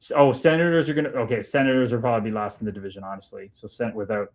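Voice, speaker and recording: A man's voice: fairly low pitch, steady tone, rapid-fire, a little mellow. Hyped-up man chatting on stream. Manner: swears freely, hypes viewers up. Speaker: livestream host reading chat. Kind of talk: casual livestream chat.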